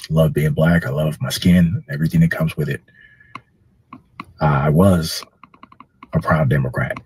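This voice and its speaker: A man with an extremely deep, very husky voice talks from his parked car. He sounds drained and low on energy, and his words come slow and heavy-hearted. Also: a little mellow, low-quality recording. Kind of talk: personal social media statement.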